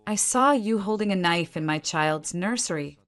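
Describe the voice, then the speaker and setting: A woman voicing a desperate young husband who shifts from forced calm to bellowing at his mother in a dramatic audio story. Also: mid-range voice, moderate pace, natural voice. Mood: shouting.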